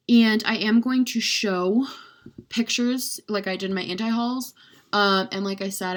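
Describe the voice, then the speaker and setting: Chatty young woman beauty vlogger. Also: medium pitch. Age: young adult. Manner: rambling, chatty, heavy use of "like"; gushing, self-mocking. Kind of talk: casual chat.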